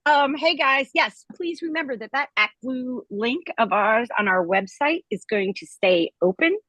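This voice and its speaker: Relaxed woman organizer, slightly high. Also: measured pace, dry recording, low-quality recording. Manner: relaxed, with frequent fillers. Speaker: event organizer. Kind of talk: casual thank-you remarks on a call.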